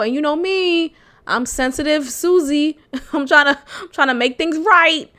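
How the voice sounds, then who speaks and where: Bright high-voiced woman telling a candid story. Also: unhurried. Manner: frank, profane, animated, laughs often. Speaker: podcast host.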